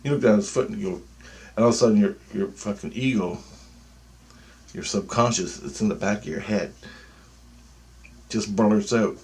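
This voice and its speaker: A man talking in a loose, meandering monologue, swearing freely as he tells a story. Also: on the low side. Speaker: vlogger. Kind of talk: casual rambling monologue.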